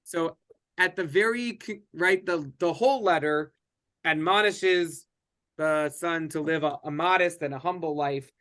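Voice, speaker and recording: A man teaching a casual Bible study class, speaking conversationally with frequent restarts and fillers. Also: a little high.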